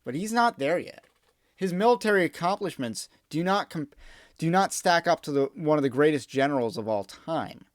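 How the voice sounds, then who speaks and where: A man's voice: fairly high pitch, expressive, normal speed, no echo, clean studio sound. A man hosting a podcast, giving opinionated political commentary in an emphatic, digressive monologue. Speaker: podcast host.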